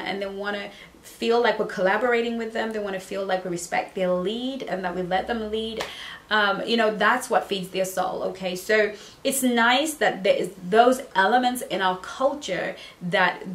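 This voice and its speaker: A woman dating coach talks with playful emphasis in a mid-range voice and repeats phrases to drive her points home. She is from Southern Africa. Her voice bounces around a roomy, echoey space. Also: medium pitch. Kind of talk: motivational advice video. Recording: roomy echo.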